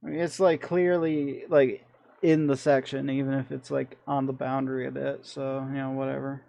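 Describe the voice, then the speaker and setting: A man's voice: medium pitch, level tone, normal speed, gravelly, dark tone, no echo. A man with a Michigan accent, streaming and chatting casually through his gameplay in a rambling, self-deprecating way.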